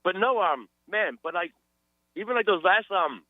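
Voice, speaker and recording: Guy calling into radio, kinda halting, lots of ums, tinny phone sound. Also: high voice, lively intonation, no echo. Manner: hesitant, many fillers. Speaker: caller. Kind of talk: casual phone-in chat.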